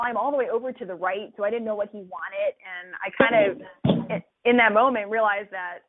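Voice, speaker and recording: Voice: mid-range voice, no echo. A physician who trains residents talks casually and reflectively, with many fillers and restarts. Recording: tinny dry phone line.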